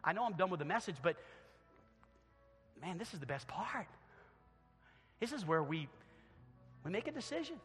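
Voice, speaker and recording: High-voiced preaching pastor in a hall. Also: male voice, big pitch swings, normal speed, long pauses, faint music behind. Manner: swings from loud acted quotes to quiet earnest appeals. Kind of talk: sermon with altar call. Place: church sanctuary. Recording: long church hall reverb.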